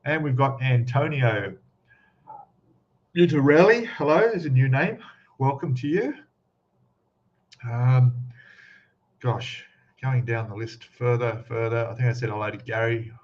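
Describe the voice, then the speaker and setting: A man's voice: medium pitch, unhurried, long pauses. A man hosting a casual live stream, chatting and greeting viewers one by one by name. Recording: slightly dull lo-fi sound.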